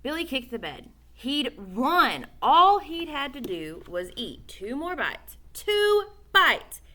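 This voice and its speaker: Lively high-voiced woman reader for a children's audiobook, bright tone. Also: slow. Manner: animated with small slips and self-corrections. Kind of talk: reading a children's novel aloud.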